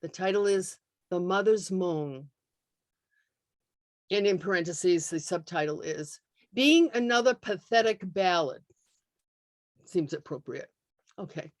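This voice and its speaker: A woman's voice: lowish voice, measured pace, long pauses, no echo, studio quality. A woman hosting a video call meeting, hesitant with many fillers and light laughing asides, then reading a poem. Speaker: meeting host. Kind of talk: casual introduction and poem reading.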